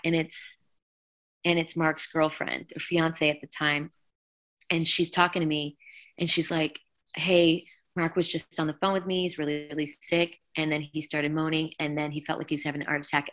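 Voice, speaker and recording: A middle-aged woman with a low voice that still carries a bright, clear edge. She tells her story as an interview guest, animated and emotional, slipping into the voices of the people she quotes. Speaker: guest singer.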